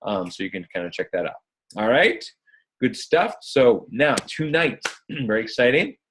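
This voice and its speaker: A man's voice: mid-range voice, sing-song, normal speed, a bit bright, slight background noise. A man leading a live online coaching call in an upbeat, chatty way, often calling his listeners guys. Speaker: fitness business coach.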